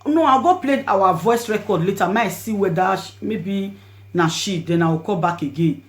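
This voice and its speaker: A woman's voice: medium pitch, moderate pace. Nigerian woman telling a story. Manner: swings between hushed and loud, pleading. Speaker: vlogger. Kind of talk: storytelling to camera in Pidgin.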